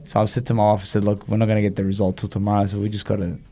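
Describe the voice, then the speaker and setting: A man recounts a personal story as an interview guest. His voice sits a little low, and he brings his story to life by acting out what people said. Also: very fast, slight background noise. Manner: animated storyteller, acts out quoted dialogue. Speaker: guest, former boxer.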